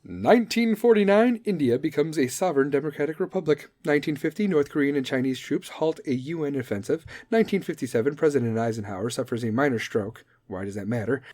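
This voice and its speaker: A man hosts a casual podcast, reading out history facts and cutting in with profane, sarcastic jokes. His voice sits a bit high for a man. The sound is close and dry, with no room around it. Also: animated, fast, hardly any pauses, darkish tone, dry recording. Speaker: podcast host. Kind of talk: casual comedic commentary.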